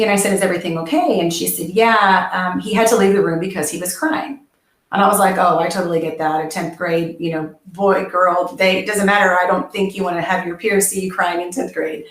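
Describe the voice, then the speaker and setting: A woman with a fairly low voice speaks over a video call, giving an earnest and passionate presentation as an education researcher. The sound comes from an echoey room. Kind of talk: webinar presentation.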